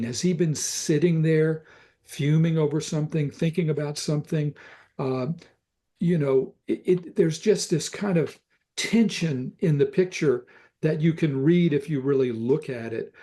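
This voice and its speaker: An older man with a Southern US accent, a photographer talking thoughtfully about pictures, pausing often with fillers. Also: on the high side, dark tone. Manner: thoughtful, halting with many fillers. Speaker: photographer guest. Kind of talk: reflective conversation about photographs.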